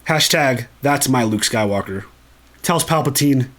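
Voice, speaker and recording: A man hosting a solo podcast, talking casually and excitedly, swearing a lot and acting out lines from movies. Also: fairly high pitch, a little slow, pauses often. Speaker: podcast host.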